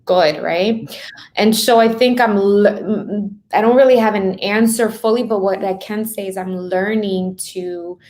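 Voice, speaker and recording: A woman's voice: mid-range voice, measured pace, darkish tone. A woman coaching guest in casual podcast chat, talking openly in a chatty way and filling her speech with "like" and "right?".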